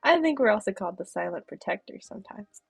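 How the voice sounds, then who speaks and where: A boastful, breezy male guardian angel with old-man energy, as a woman voices him. The voice is gravelly and husky, recorded dry and close. A quiet bed of music runs underneath. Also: medium pitch, animated, quick pace, no echo, exaggerated voice. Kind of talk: reading game dialogue aloud.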